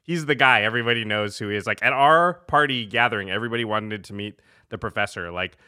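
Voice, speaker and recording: A man's voice: on the low side, fast, smooth. A man telling a funny anecdote in casual chat, laughing often and acting out the people he quotes. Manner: lively storyteller, laughs often, acts out quotes. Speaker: podcast co-host telling a story.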